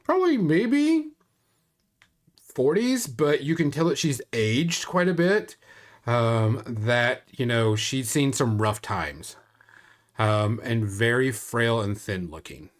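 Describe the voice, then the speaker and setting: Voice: medium pitch, big pitch swings, slow. A game master narrating a tabletop game, rambling with frequent fillers. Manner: rambling narration with many fillers, laughs often.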